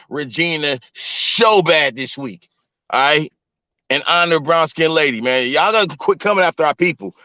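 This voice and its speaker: A man's voice: fairly high pitch, sharp tone, dry recording. Loose, profane man talking into his phone. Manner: loose, profane, talks straight to viewers. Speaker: vlogger and live-stream host. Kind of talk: casual storytelling to a live chat. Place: in a vehicle. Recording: dull lo-fi phone audio, dry.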